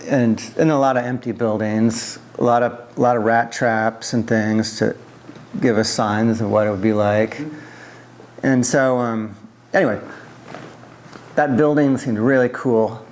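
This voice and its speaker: A man's voice: mid-range voice, steady tone, measured pace, slight background noise. A middle-aged man from the US East Coast, recalling his past in an oral history interview, with many fillers and restarts.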